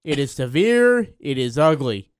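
A man's voice: mid-range voice, very animated, a little slow, clear, resonant tone, dry recording. Co-host guy, bouncy voice, teasing, dry mic. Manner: reactive, teasing. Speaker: radio co-host. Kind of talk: casual radio banter.

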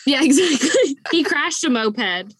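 A woman co-hosting a podcast, telling a story in a casual, animated way and laughing often. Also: high-pitched, a little slow, dry recording. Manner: animated, laughing storyteller who acts out quoted voices. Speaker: podcast co-host.

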